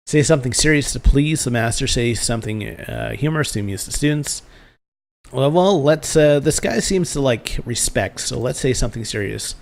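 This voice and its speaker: A man's voice: mid-range voice, lively intonation, a little fast, vocal fry. A man casually reading and narrating a game he is playing, with wry, self-mocking asides.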